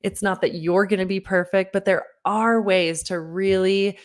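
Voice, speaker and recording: A woman in her thirties, a parenting coach, giving an online workshop talk and telling a personal story with lively, earnest direct address to the listener. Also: mid-range voice, unhurried. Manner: lively storyteller who acts out her own past lines.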